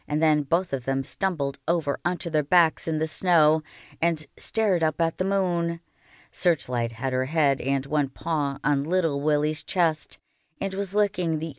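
Low-voiced woman reading a novel aloud. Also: smooth, no room sound, clean studio sound. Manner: slow, expressive storytelling. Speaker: reader.

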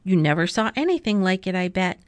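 A woman's voice: medium pitch, very animated, brisk, no room sound, lightly acted. A woman reading as a boastful big storybook cat. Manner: showy, boasting, bossy. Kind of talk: storybook read-aloud.

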